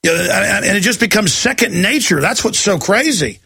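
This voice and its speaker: Male talk radio host: fiery and rambling, gravelly and husky, dry close sound. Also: high-pitched, animated, moderate pace, pushed and bright, no echo. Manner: rambling, emphatic ranting.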